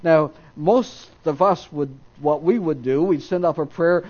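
Male preacher reading scripture, mellow voice, somewhat high, acts out the voices in the story. dull lo-fi recording. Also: lively intonation, unhurried, few pauses. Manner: reads scripture aloud, acting out the quoted voices with raised pitch; stops to correct himself mid-reading.

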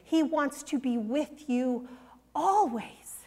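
Older female preacher, slow and earnest, hushed on key points, in a big reverberant hall. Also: high-pitched, lively intonation. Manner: earnest and emphatic, dropping to a hush on key points. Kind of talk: sermon.

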